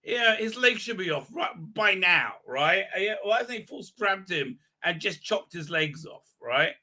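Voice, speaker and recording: A man hosting a livestream, his voice fairly high and very bright. He rambles in exasperated, crude fan commentary, full of "uh"s. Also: animated, measured pace. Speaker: livestream host.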